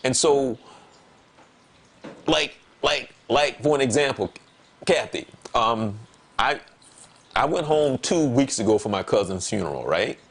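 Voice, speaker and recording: A man's voice: mid-range voice, unhurried, gravelly, pauses often, slightly rough. Emphatic man telling a story. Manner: animated, voice jumps up when quoting himself. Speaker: talk show guest. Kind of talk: casual conversation.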